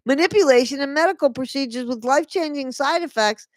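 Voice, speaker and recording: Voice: high-pitched, fast talker, no room sound, pitched above the performer's own voice, natural voice. A streamer voicing a young woman reading her own memoir aloud in a raised, thin, fearful voice. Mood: dramatic.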